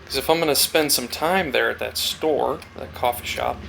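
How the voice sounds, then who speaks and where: Guy with a gravelly mid-pitched voice, rambly storytelling vlog while whittling. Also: moderate pace, fairly bright tone, slight background noise. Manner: rambling, storytelling, acts out quoted chats. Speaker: woodcarver vlogger. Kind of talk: casual reflective talk while carving.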